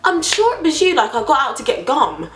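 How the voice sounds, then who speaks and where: A woman's voice: high-pitched, sing-song, brisk, fairly bright tone, reverberant, voice pushed up. A woman voicing an insistent man in a shared car, talking in a pushy, certain way.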